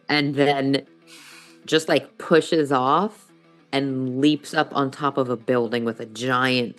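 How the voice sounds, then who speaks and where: A woman playing a tabletop game, describing scenes in an unhurried storytelling way. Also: a bass voice. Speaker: player. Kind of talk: casual tabletop play.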